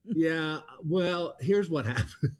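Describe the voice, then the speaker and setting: A man's voice: a little high, animated, slow. A man in his sixties with a drawl, chatting as a comedian guest. He spins self-deprecating stories in a folksy way, stumbling through fillers and restarts as he goes. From Texas. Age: 60s. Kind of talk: casual interview chat.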